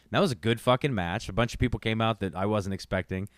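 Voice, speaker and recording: A man's voice: on the low side, fast, dry recording, clean studio sound. A man co-hosting a podcast in casual chat, loose and profane, laughing easily. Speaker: podcast co-host.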